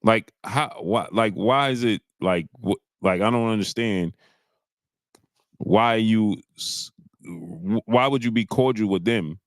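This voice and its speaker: A man's voice: on the low side, no room sound. Exasperated male host, dry sound. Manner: animated, exasperated, drawn-out "bro". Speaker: livestream host. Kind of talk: casual boxing chat.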